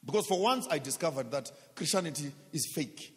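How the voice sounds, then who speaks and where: A man's voice: a little high, expressive, brisk. Man, preacher, sermon, emphatic, repeats himself, rhetorical questions, long hall reverb.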